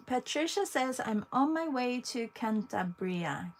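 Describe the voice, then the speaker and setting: Slow, gravelly English woman chatting. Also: a little high, very animated. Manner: chatty, talks to viewers between long pauses. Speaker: art livestream host. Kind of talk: casual chat while painting.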